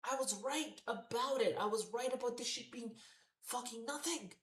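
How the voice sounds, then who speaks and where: A woman's voice: fairly high pitch, moderate pace. Profane, ranting woman in an echoey room. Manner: profane, exasperated, repetitive ranting. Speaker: wrestling show reviewer. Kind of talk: heated ranting commentary.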